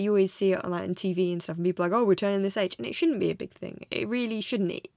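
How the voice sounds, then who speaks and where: A woman's voice: medium pitch, darkish tone, no room sound, clean studio sound. A woman in her twenties, talking alone in a room in a rambling, self-deprecating vlog monologue. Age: 20s. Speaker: vlogger.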